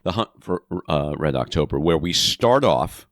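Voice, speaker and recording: A man with a very deep voice chats on a podcast, relaxed and easygoing. Despite the low pitch, his voice moves a lot, rising and falling as he talks. The close mic gives a dry sound. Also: moderate pace, no room sound. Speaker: podcast co-host. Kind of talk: casual podcast chat.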